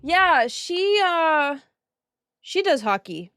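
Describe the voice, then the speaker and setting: A young woman chatting loosely on a live stream, giggly and quick to swear. Her voice sits high and swoops up and down a lot. She talks at an unhurried pace, close to a dry microphone. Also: big pitch swings, a bit bright, no room sound. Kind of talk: casual live-stream chat while coloring.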